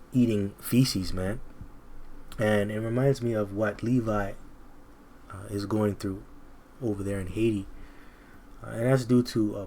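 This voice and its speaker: A man's voice: fairly low pitch, a little mellow, slight background noise. A man teaching scripture informally, reading verses aloud and commenting bluntly in casual slang.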